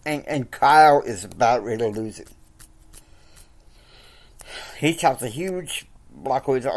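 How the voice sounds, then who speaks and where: A woman's voice: very deep voice, lively intonation, a little fast. A woman casually retelling a story, hesitant, repeating words and adding asides.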